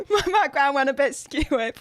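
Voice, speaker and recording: At normal speed and high pitch, a Northern English livestream host chats from a home room in echo-free, studio-quality audio. Her live reaction chat is excitable and gushing with thanks, full of filler words.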